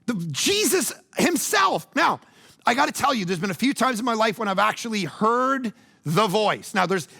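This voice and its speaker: A man preaches in a relaxed, conversational way, leaning into stories and playful asides. His voice sits high for a man and carries a gravelly fry. He talks as a pastor speaking to his own congregation. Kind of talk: conversational sermon.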